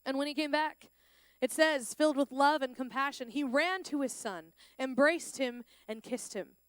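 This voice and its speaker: A woman giving a lively sermon at a school chapel, acting out the lines of the story's characters. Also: high-pitched, normal speed, dry recording, clean studio sound. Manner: animated, plays out the characters' lines. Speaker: chapel speaker.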